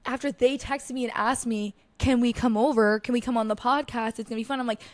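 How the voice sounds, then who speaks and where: A woman's voice: a little high, steady tone, dry recording. A young woman hosting a casual solo podcast, telling stories in a chatty way with lots of "like" and plenty of swearing. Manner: chatty, lots of "like", swears freely, quick asides. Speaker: podcast host.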